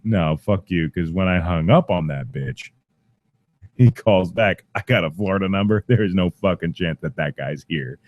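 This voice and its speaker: A man's voice: sits low, animated, a little slow, a little mellow, no echo. A father ranting angrily to camera, swearing constantly and sounding fed up. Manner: profane, exasperated. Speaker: parent. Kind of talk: angry rant to camera.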